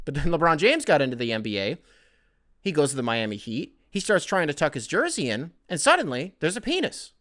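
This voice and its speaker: A man's voice: fairly high pitch, sharp tone, dry recording, studio quality. A man doing a pompous ranting TV pundit. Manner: indignant, theatrical, ranting. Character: pompous outraged male TV pundit.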